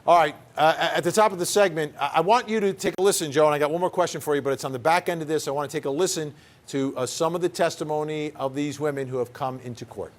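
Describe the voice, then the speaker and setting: A man's voice: fairly high pitch, quick pace. A man hosting a legal news show, asking probing questions with frequent stammered restarts. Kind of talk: news talk interview.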